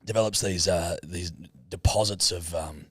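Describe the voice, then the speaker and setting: A man co-hosting a podcast, telling stories in a crude, swearing, animated way. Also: sits low, moderate pace, breathy edge, no room sound, studio quality. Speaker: podcast co-host. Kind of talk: casual chat.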